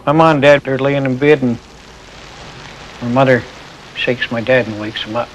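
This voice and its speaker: Older veteran, mid-range voice; halting, reflective interview memories over faint background hiss. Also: male voice, medium pitch, low-quality recording. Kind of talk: documentary interview recollection.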